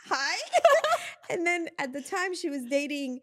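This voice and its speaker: A woman guest telling stories in a casual interview, animated and often laughing as she acts out what people said. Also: high-pitched, measured pace, no room sound, clean studio sound. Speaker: guest, reality TV producer.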